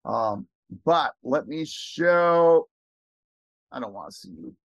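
An excited man talking fast and rambling as he walks viewers through a screen share for a recruiting pitch. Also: no echo. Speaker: network marketing recruiter.

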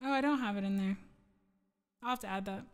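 A woman's voice: medium pitch, brisk, in a large hall. A woman streamer and singer chatting casually with her live chat, rambling and giggling as she loses her train of thought.

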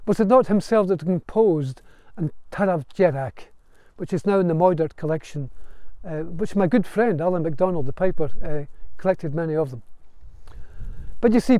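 A man's voice: sits high, dark tone, dry recording. Earnest man telling history. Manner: earnest, storytelling cadence, some restarts. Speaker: bard and storyteller. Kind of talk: spoken lecture on Gaelic song and history.

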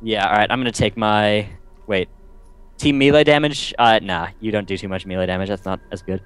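A man casually commentating a co-op video game with a friend, full of quick excited exclamations. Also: fairly low pitch, clean tone, no echo. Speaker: gameplay commentator.

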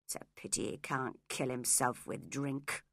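A woman voicing a bitter, brooding young man who mutters low in a storybook reading. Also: fairly even intonation, normal speed, fairly bright tone, no room sound, clean studio sound, close to an everyday voice.

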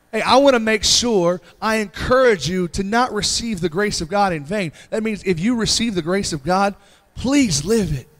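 A middle-aged pastor preaching a sermon in an earnest, repetitive way, pleading with the congregation and often asking "Amen?". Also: male voice, sits high.

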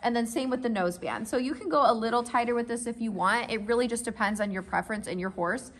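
A woman's voice: a little high, fast. A woman vlogging at a horse farm, explaining step by step in a friendly, casual way and checking in with her viewers as she goes. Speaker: horse owner and rider. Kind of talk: casual instructional vlog.

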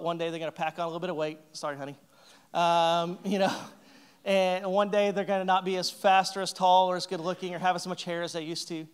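Man, fairly high voice, pastor, conversational sermon, jokey, plays out quoted lines. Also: smooth. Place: church sanctuary.

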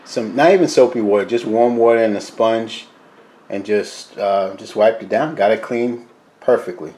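A man hosting a casual cooking video, chatting to his viewers as "guys", quiet and mumbling while he cooks and louder when he turns to the camera. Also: lowish voice, moderate pace. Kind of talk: casual cooking vlog chat.

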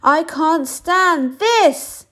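A woman voicing a tired, fed-up male father bear for a storybook, groaning her complaints slowly and drawn out. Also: extremely high pitch, animated, sharp tone, pitched above the performer's own voice, heavily acted. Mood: exasperated. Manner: slow, drawn-out exasperated groans.

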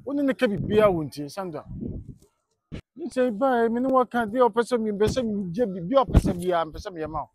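Actor as a bossy headmaster in a comedy skit, high voice, dry close sound. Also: male voice, expressive, fairly quick, a little mellow, dry recording. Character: bossy male headmaster scolding and cajoling.

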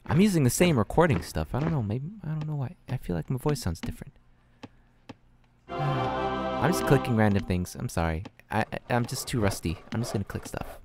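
A young man talks his way through a strategy game in a casual let's-play, flustered and self-mocking, full of fillers and half-finished thoughts. His pitch jumps around a lot, and clear music plays behind him. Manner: flustered, self-deprecating, thinks out loud with many fillers. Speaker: gaming channel host.

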